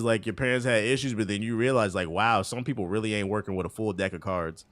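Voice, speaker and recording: A man's voice: lowish voice, fast, few pauses, soft background music. A man in his thirties, a streamer, telling loose, profane stories in casual chat while he plays. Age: 30s. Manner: loose, profane storytelling with laughs and asides.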